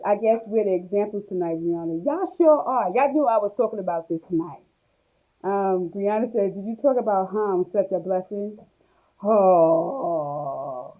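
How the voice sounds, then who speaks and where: Woman in her forties, mellow tone, animated, laughing, reading comments on a live stream. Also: mid-range voice, rough recording. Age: 40s. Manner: animated, laughing, reads comments aloud and answers them. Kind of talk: casual live stream talk.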